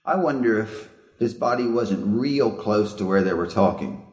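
A man's voice: fairly low pitch, moderate pace, a little mellow, echoey room. A male preacher giving a sermon in a reflective, questioning way. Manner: reflective, asks the listeners questions.

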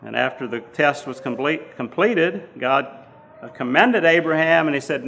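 A man preaching a sermon, teaching slowly from the Bible with frequent fillers and restarts. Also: a little high, expressive, vocal fry, a bit bright.

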